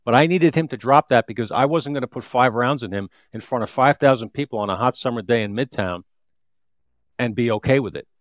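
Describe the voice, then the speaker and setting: A man's voice: mid-range voice, fairly quick, dry recording, clean studio sound. A man in his fifties, a retired police detective, telling a street story in an interview with vivid, repetitive restarts.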